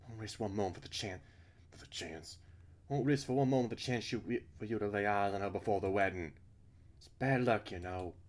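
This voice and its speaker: A man's voice: lowish voice, brisk, pitched above the performer's own voice, close to an everyday voice. A man voicing a stern, bossy older woman with a British accent, scolding and giving orders. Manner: scolding, commanding.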